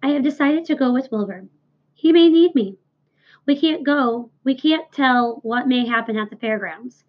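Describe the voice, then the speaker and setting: A woman voicing a clever, gentle female spider who speaks softly and firmly. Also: high voice. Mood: decisive. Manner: soft, measured. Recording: dull lo-fi recording, a little distant at times.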